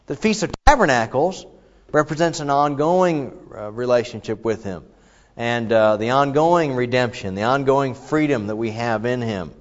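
A man preaching a sermon in a relaxed, explanatory way, often restarting his phrases and then lifting his voice with excitement. His mid-pitched voice rings through a large hall with a long echo, and the sound is a little muffled.

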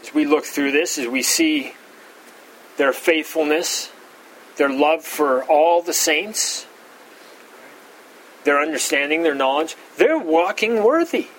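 A man's voice: expressive, takes it slowly, pauses often, fairly bright tone, slight background noise, poor audio. A man teaching a verse-by-verse Bible study, stressing key words and often restarting his phrases. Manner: emphatic, stresses key words with pitch jumps and frequent restarts.

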